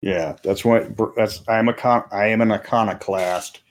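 A game master with a low voice talks about running tabletop games on a casual podcast, speaking at a moderate pace. Relaxed and conversational, he rambles through stories and keeps restarting his sentences.

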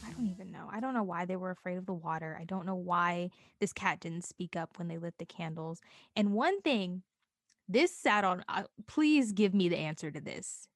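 Young woman chatting on a podcast, acts out quotes all squeaky, dry close mic. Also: normal speed, dry recording. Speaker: podcast co-host. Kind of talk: casual chat.

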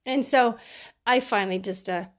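A woman's voice: a little high, moderate pace. A middle-aged woman and caregiver giving casual advice, telling stories about clients with frequent laughs and acted-out quotes. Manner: chatty, laughs often, acts out quoted people.

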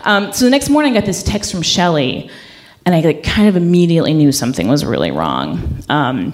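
A woman telling a true story on stage at a coffeehouse show, chatty and loose, with lots of "like" and "um" fillers. Her voice sits a little low for a woman. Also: big pitch swings, brisk. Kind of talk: live personal storytelling.

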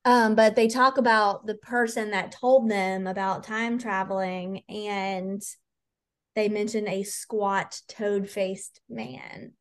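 A woman's voice: medium pitch, level tone, slow. A woman co-hosting a casual podcast chat, gushing as she retells scenes. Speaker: podcast co-host.

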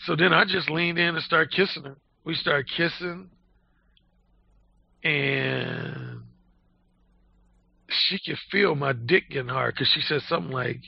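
A man with a gravelly voice, a guest telling a blunt, boastful, crude story in casual talk. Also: fairly high pitch, big pitch swings, measured pace, pauses often. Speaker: dating advice guest. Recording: dull lo-fi audio.

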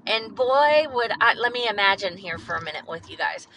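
Bright-voiced woman rambling on a podcast. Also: mid-range voice, expressive, moderate pace, a little hiss or hum, rough recording. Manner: rambling and candid, with frequent swearing and fillers. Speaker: podcast host. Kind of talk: casual solo podcast monologue.

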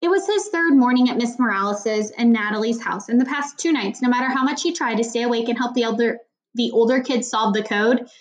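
A woman's voice: a little high, a little fast, poor audio. Woman reading a children's novel aloud. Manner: reading aloud with small slips and restarts. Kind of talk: audiobook narration of a children's novel.

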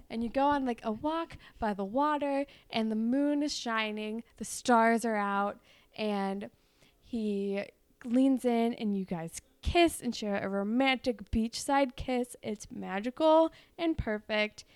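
A young woman co-hosts a podcast and spins a playful story, giggling and sprinkling "like" everywhere. Her voice sits a little high, with a gravelly fry at the ends of phrases and a smooth, resonant tone. The sound is dry and close. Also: unhurried, darkish tone, no room sound. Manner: bubbly, giggly, lots of "like". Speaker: podcast co-host. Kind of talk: casual chat, improvised fan fiction.

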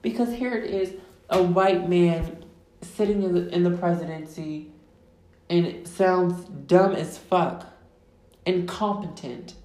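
A woman podcast host, ranting loudly and emphatically, full of profanity, with words drawn out for stress. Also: fairly low pitch, fairly even intonation, slow. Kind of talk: profane casual rant. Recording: echoey room.

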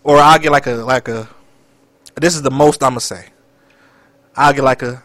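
A young man co-hosting a podcast in casual chat, animated and dramatic. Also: medium pitch, normal speed, pauses often, no echo. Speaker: podcast co-host.

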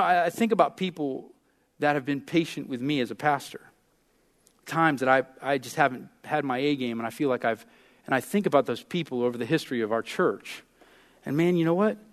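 Man preaching, fairly high voice, animated storytelling, loud then soft. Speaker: pastor. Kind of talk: sermon.

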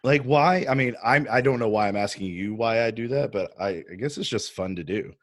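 A man's voice: mid-range voice, brisk. A man hosting a theater podcast, talking casually and playfully with a friend, often restarting his sentences. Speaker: podcast host. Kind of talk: casual chat.

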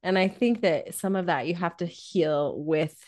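Woman podcast co-host, low pitch, earnest casual chat. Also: a little slow, a little mellow, dry recording. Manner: chatty, earnest, full of "like" fillers.

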